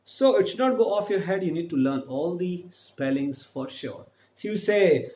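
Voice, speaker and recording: A man giving an upbeat online French lesson, repeating example phrases slowly. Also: sits high, very animated, darkish tone, echoey room. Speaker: French teacher.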